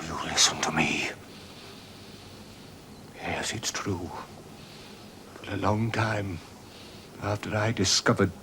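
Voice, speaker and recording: An actor playing an aging Roman emperor and father in a 1970s television period drama, speaking earnestly and haltingly. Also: fairly low pitch, slight background noise. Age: older.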